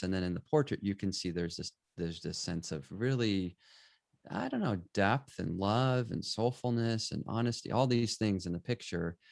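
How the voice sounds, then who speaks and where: Middle-aged male photographer, low voice, dry close mic, animated storytelling guest. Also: gravelly, dry recording. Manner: animated, acts out quoted dialogue. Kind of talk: conversational storytelling.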